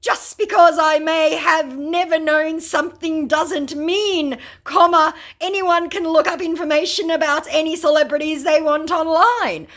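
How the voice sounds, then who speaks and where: A woman putting on the voice of an indignant, evasive male online scammer, reading his messages in a shrill, exaggerated tone. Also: steady tone, measured pace, few pauses, fairly bright tone. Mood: huffy.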